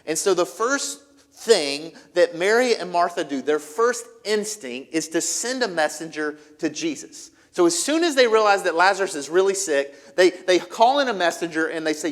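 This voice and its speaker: A man's voice: high voice, lively intonation, moderate pace. Storytelling male pastor in a reverberant hall. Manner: dramatic storytelling, swings from loud to hushed. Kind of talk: sermon. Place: church.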